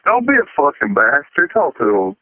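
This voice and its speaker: A man's voice: a little high, wildly swooping pitch, moderate pace, dry recording. A man co-hosting a podcast, chatty and profane, laughing often in casual chat. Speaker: podcast co-host. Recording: dry, phone-like lo-fi audio.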